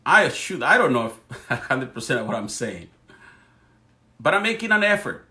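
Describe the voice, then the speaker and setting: A middle-aged man with a Spanish accent hosts a livestream in a bright, forceful voice. He speechifies with real fervor and keeps restarting his sentences as he pushes his points. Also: medium pitch, big pitch swings, moderate pace. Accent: Spanish-accented English. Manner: fervent, speechifying, frequent restarts. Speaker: livestream host. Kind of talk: political commentary monologue.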